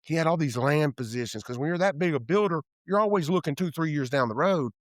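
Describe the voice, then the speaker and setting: A man's voice: fairly high pitch, fast talker, dry recording, clean studio sound. Man telling stories with candid energy. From Tennessee. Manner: animated storyteller who acts out quoted dialogue, trails off and restarts. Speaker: guest, real estate developer. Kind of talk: candid storytelling interview. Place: office room.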